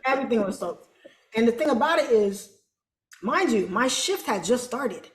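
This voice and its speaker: Woman telling a story in a casual interview, lively, does the voices of people she quotes, roomy echo. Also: a little high, moderate pace. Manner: animated, colloquial, acts out quoted voices. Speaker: interview guest.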